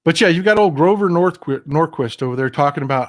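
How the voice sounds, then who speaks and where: A man's voice: a little high, lively intonation, quick pace, hardly any pauses. An older man hosting a political commentary livestream, talking with passion and emphasis, repeating phrases, and reading viewer comments aloud. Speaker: livestream host.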